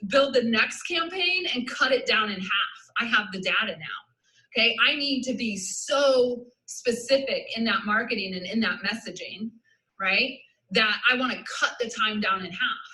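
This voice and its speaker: A woman with a Southern US accent giving an energetic live business-coaching talk, emphatic and repetitive, laughing often. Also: on the high side, echoey room, poor audio.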